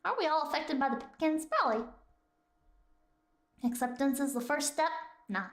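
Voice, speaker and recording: A woman's voice: sits high, animated, normal speed, fairly bright tone, echoey room. A woman streamer hosting casual live chat, playful and giggly as she reads out messages. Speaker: streamer host.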